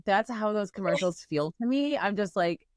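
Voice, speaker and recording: A woman's voice: mid-range voice, expressive, normal speed, a little mellow, dry recording, studio quality. A woman hosting a podcast in casual chat, rambling and filler-heavy with lots of "like" and "you know". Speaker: podcast host.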